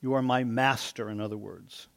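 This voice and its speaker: Pastor giving a conversational sermon. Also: male voice, medium pitch, fairly even intonation, normal speed, gravelly. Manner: conversational preaching, rising for emphasis then dropping soft.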